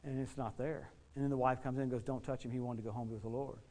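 A middle-aged American man preaching and telling stories, swinging between loud outbursts and hushed asides. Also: medium pitch, fairly even intonation, rapid-fire. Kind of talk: sermon storytelling.

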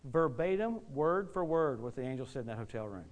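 A man preaching a sermon, telling stories in a folksy, animated way, often repeating words as he gets excited. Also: mid-range voice, fast talker. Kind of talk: storytelling sermon.

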